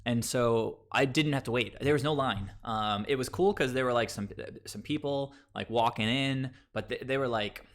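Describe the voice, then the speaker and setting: A man's voice: medium pitch, normal speed, hardly any pauses, fairly bright tone. A man from Long Island, New York, chatting casually with his live viewers as a streamer, rambling and filling gaps with um and like. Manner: rambling, heavy on fillers like um and like.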